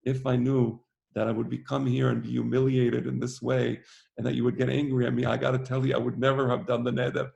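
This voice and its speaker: Brief: man playing an insistent, pleading visitor, gravelly everyday voice. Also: mid-range voice, monotone, fast, darkish tone, dull audio. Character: stubborn, pleading male visitor.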